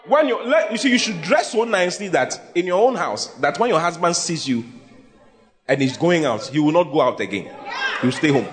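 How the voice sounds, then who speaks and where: A male pastor, preaching a humorous sermon, teasing and often shouting to his congregation. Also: a little high, very animated, brisk. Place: church before a live congregation. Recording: congregation noise behind the voice.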